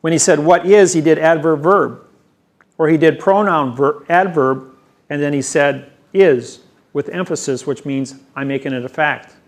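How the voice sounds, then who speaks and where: Slightly high-voiced man lecturing a seminar. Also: moderate pace. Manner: boastful, emphatic, self-assured. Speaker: seminar presenter. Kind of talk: rambling classroom lecture. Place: seminar room.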